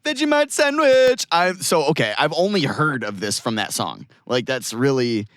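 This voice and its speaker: A man's voice: mid-range voice, lively intonation, moderate pace, a bit bright, no room sound, studio quality. A man co-hosting a podcast from a parked RV, chatting casually with goofy, rambling wordplay. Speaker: podcast co-host. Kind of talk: casual chat. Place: parked RV at a rest area.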